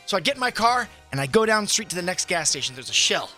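A man co-hosting a morning radio show, telling a story in an animated way and acting out his own shouting. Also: high-pitched, very fast, soft background music. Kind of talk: casual radio banter.

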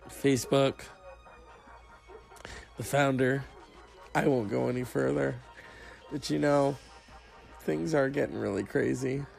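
A man with a very gravelly, creaky voice rants in a loose, sarcastic, profane way. He is fighting a cough, and faint music plays behind him. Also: mid-range voice, slow pace, pauses often, a little mellow. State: sick with a cough. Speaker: host of a solo talk stream. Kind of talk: casual rant.

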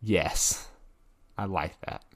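A man's voice: low voice, very slow. Enthusiastic rambling man podcasting. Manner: enthusiastic, laughing, rambling with fillers. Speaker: podcast co-host. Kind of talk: casual podcast chat.

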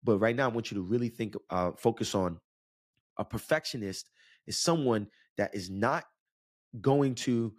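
Low-voiced motivational man coach. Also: moderate pace, dry recording, clean studio sound. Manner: earnest, direct, repeats points, addresses listener as "my friend". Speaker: wellness coach and podcast host. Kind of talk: motivational podcast talk.

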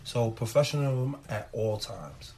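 A man's voice: medium pitch, animated, unhurried, darkish tone. Agreeable man co-hosting, faint hiss. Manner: agreeable, brief backchannels. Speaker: podcast co-host, basketball referee. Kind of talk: casual chat.

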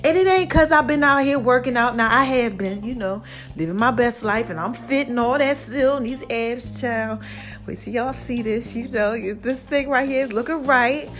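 A woman hosting a casual solo talk show, playful with a drawn-out sing-song delivery, a little out of breath. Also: a little high, a bit bright, faint music behind. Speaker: show host.

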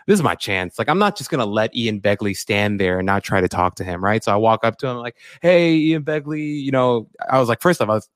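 A man co-hosting a sports podcast, talking in an excitable, rambling way with lots of "like" and "bro". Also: lowish voice, quick pace, hardly any pauses, no echo, clean studio sound. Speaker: podcast co-host. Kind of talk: casual sports podcast chat.

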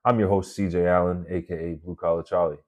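A man's voice: low voice, little pitch movement, quick pace, darkish tone, lo-fi sound. A man hosting his own podcast, telling stories from his work week in a laid-back, chatty way and swearing freely. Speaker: podcast host. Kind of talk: casual storytelling monologue. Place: working in New York City.

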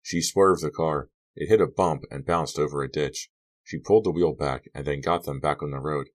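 A man's voice: rumbling low, moderate pace. A man reading a young adult horror novel aloud as an audiobook narrator, giving the characters' lines small shifts of voice.

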